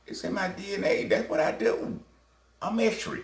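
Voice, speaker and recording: A man's voice: sits high, moderate pace, vocal fry, voice pushed up. A man voicing a boastful male scorpion from a fable, proudly claiming his nature in a raised voice. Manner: proud, matter-of-fact boasting. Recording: echoey room, faint music behind.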